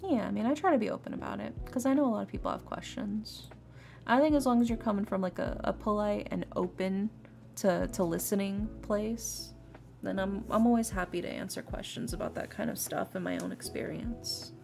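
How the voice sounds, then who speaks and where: A woman from Texas, with a medium-pitched, slightly fast, creaky voice and a darkish tone, chats casually with viewers while streaming tarot readings. Her talk is easygoing and rambling, and she often restarts words. She's on a desk mic, with faint lofi music in the background.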